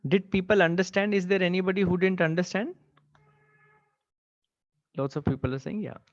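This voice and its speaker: A man's voice: high-pitched, moderate pace, dry recording. A man teaching a live online class, often checking in with his students and repeating "okay" and "right". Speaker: online exam-prep teacher. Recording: dry, slightly dull webcast audio.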